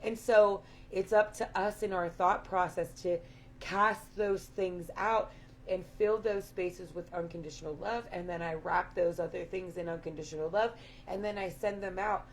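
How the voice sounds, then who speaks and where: A woman with a raspy voice giving an earnest, affirming spiritual talk to her viewers, repeating her points. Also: lowish voice, steady tone, normal speed, slight background noise. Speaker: spiritual live-stream host.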